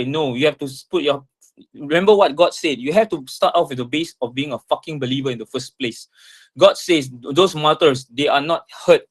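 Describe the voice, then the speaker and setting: A tearful man in an emotional personal monologue, impassioned and profane, full of halting restarts. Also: mid-range voice. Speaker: speaker talking with an AI assistant.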